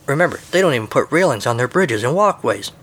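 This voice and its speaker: A man's voice: mid-range voice, expressive, quick pace, a bit bright. A man voicing a snide, teasing male rat with a mustache.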